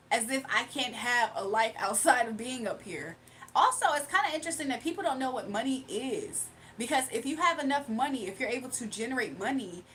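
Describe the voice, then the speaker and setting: A woman's voice: on the high side, a bit bright, a little hiss or hum, low-quality recording. A woman hosting a livestream with a faint foreign accent, talking back to her chat in a sassy, casual way. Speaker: livestream host.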